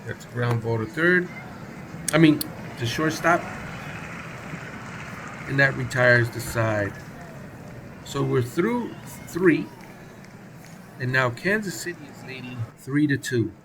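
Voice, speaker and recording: A man's voice: mid-range voice, expressive, unhurried, pauses often, background noise. A man calling play-by-play for a simulated baseball game on his own, casual and chatty, with asides and self-corrections. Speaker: play-by-play commentator.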